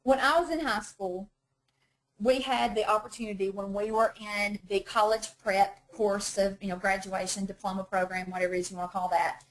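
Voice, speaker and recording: A woman's voice: mid-range voice, fairly even intonation, normal speed, low-quality recording. A woman teaching a women's Bible study in a chatty, self-deprecating way, often laughing at herself. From North Georgia, USA.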